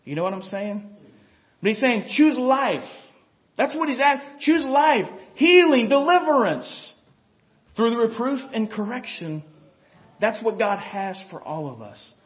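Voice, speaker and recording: A man's voice: extremely high pitch, big pitch swings, measured pace. A man preaching a sermon in a homey, conversational way, often chuckling and saying "you know" to the congregation. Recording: dull lo-fi recording.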